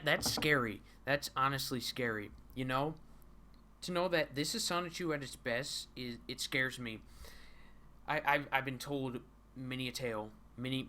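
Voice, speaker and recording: A man's voice: medium pitch, bright, forceful tone, a little hiss or hum. A man live-streaming himself reading a comic, talking casually with stammering repetitions, frequent giggles and mock-dramatic dread.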